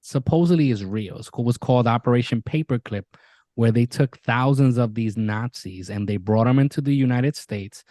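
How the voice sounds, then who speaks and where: Guy on a podcast, super animated storyteller, swears a lot, mid voice, dry close mic. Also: medium pitch, normal speed, dry recording. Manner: animated storyteller, swears freely, retells scenes with quoted voices. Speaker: podcast co-host. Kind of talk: casual chat.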